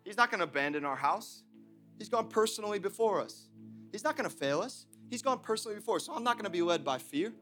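A young adult man preaching a sermon as pastor, swinging between shouted emphasis and joking asides. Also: sits high, expressive, quick pace, soft background music.

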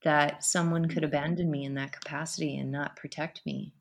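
A woman guest on an interview podcast, telling a personal story in an emotional, animated way. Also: sits low, fairly quick.

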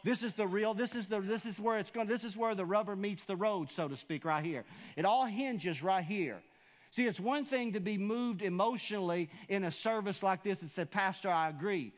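A man preaching in a church sanctuary, his voice sitting noticeably high for a man. He drives his points home with repetition and rhetorical questions to the congregation. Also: normal speed. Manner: emphatic preaching with call-and-response questions. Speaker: pastor. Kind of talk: sermon.

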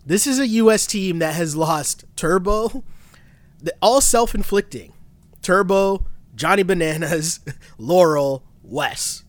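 A man co-hosting a podcast in casual chat, animated and exasperated, laughing often. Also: high-pitched, takes it slowly, no room sound. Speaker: podcast co-host. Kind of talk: casual chat recapping a reality show.

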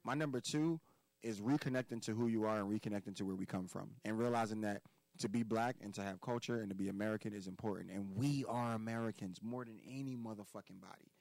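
Emphatic lower-voiced man from Philadelphia. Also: quick pace, vocal fry, darkish tone, rough recording. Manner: emphatic, profane and preachy, repeats key words. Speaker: podcast guest. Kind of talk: casual podcast conversation.

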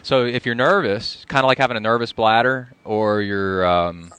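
A man's voice: lowish voice, moderate pace, fairly bright tone, clear, resonant tone, no room sound. A man co-hosting a podcast, casually joking and explaining things in long, rambling asides. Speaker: podcast co-host. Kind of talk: casual chat.

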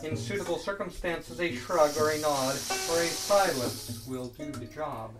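Woman reading out a logic book, lowish voice swooping all over, roomy far-off mic. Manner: deliberate, drawn-out phrasing with sweeping pitch. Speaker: reader in an improvised performance. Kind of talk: reading a logic text aloud over improvised music. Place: performance space. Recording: roomy live recording from far off. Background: loud improvised guitar music.

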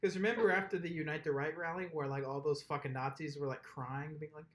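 Animated chatty podcast host, roomy echo. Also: medium pitch, fast. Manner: animated storytelling, imitates people, laughs often. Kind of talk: casual chat.

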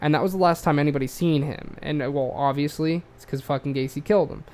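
A slightly high, a little mellow voice moves at a quick pace as an Australian man wanders through a true-crime story, cursing freely and using lots of fillers.

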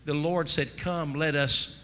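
A man preaching a sermon as pastor, emphatic and rising to near-shouts. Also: a little high, fairly even intonation, unhurried. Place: church sanctuary. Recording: church sanctuary with long reverb, faint noise.

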